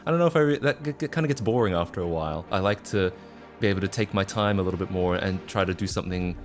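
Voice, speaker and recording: A man's voice: sits low, fast, faint music behind. A man in his twenties from Australia, with a mixed Australian, British and North American accent. He chats casually on a livestream, rambling with lots of fillers and restarts. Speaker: streamer.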